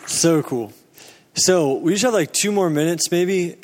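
A man's voice: high-pitched, a little slow, a faint crowd. Man leading a church gathering in a hall. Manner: moderating, inviting others to share. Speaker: gathering leader.

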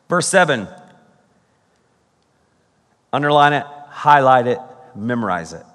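Slow, bright-voiced preacher man in reverb. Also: medium pitch. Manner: animated, with playful mock exasperation and exclamations. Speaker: pastor. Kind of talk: sermon.

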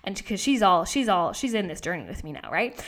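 A woman's voice: medium pitch, fast. Young woman host, casual storytelling, swears a lot, voice jumps way up when she quotes herself. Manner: animated, swearing, acts out her own lines. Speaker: podcast host.

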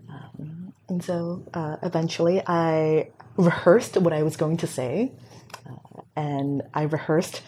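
A young woman tells a personal story in a soft, reflective way, pausing often and filling gaps with small hesitations. Her voice sits low and sounds warm and relaxed. A faint hiss runs underneath. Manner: soft-spoken, reflective, with many fillers. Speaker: guest.

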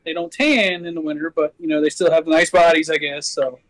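A man on a podcast who argues his point in a rambling way and keeps circling back. His voice sits high for a man. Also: steady tone, fairly quick, fairly bright tone, low-quality recording. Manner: rambling, argumentative, many fillers. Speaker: podcast co-host. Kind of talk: casual banter.

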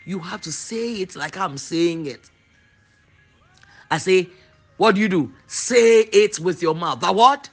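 A man's voice: fairly high pitch, animated, unhurried, husky, faint music behind. A man preaching a sermon, emphatic and repetitive, drawing out declarations.

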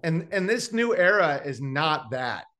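A man's voice: on the high side, sing-song, measured pace, pushed and bright. A man, a comedian guest on a podcast, telling brash stories in a rambling, filler-heavy way. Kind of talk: casual podcast chat.

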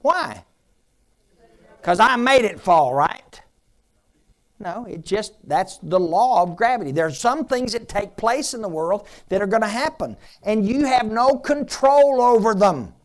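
A man preaching a sermon as pastor, urging the room with rhetorical questions and swinging between loud appeals and soft asides. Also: high-pitched, lively intonation, a little slow.

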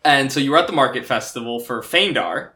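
A man's voice: mid-range voice, expressive, a little fast, a loud crowd. A young man acting as game master, chatting casually and recapping the game in a rambling, self-deprecating way.

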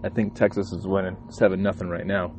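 A man's voice: deep voice, flat delivery, quick pace, a little mellow, slight background noise. A man, a truck driver, talking casually from his parked truck cab at a truck stop and ranting profanely with lots of energy. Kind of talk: casual vlog monologue.

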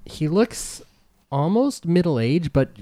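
A man narrating a tabletop game as game master, talking in halting, filler-heavy bursts. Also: fairly high pitch, sing-song, mellow, no room sound.

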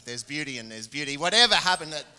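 A middle-aged man with an Australian accent preaching a sermon, telling a Bible story with lively acted-out quotes. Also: a little high, quick pace. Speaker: guest preacher. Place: church. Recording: church hall reverb.

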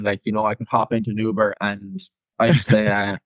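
A young man with an Irish accent, chatting casually as a podcast guest over a video call, quick and full of fillers. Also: on the low side, level tone, no room sound, poor audio. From Ireland. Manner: quick talker with many fillers. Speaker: guest, personal trainer.

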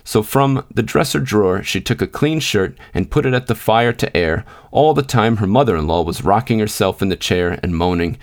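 A man reads a classic short story in a low, even voice. His narration is measured and unhurried. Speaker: podcast host and reader. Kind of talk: scripted narration.

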